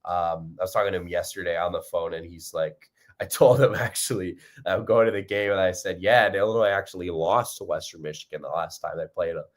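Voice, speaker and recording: Casting: young male fan-show host, deep voice, loose rambling delivery with fillers. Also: fairly even intonation, fairly quick. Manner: rambling, upbeat, many fillers and restarts. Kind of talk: casual fan commentary.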